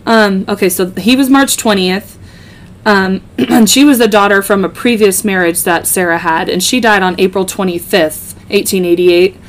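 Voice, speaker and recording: A woman's voice: medium pitch, normal speed. A woman hosting a podcast, casually narrating a true-crime case with joking asides and many ums. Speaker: podcast host.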